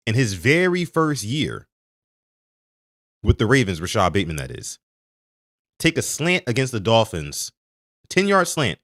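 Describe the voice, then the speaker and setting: A man hosting a sports podcast, talking to his live chat in an animated way and stressing key words. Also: lowish voice, dry recording, studio quality. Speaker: podcast host.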